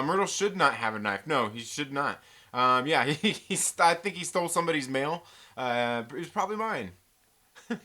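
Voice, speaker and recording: A bright, fairly high-pitched man from the West Coast hosts a casual live stream, reading chat messages aloud and joking around. His talk is loose and chatty, with a clear, forward tone. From American West Coast. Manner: chatty, reads out viewer messages and jokes around.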